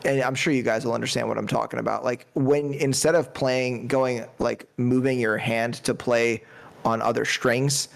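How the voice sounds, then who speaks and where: A man's voice: mid-range voice, fairly even intonation, normal speed, creaky. A man chatting casually in a music review, enthusiastic and rambling with lots of fillers. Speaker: podcast panelist.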